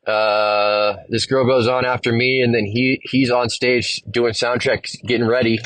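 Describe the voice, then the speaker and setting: A man's voice: mid-range voice, level tone, unhurried, a bit bright, no room sound, rough recording. A male podcast host telling a long, rambling, profane story in a laid-back way. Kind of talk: casual storytelling monologue.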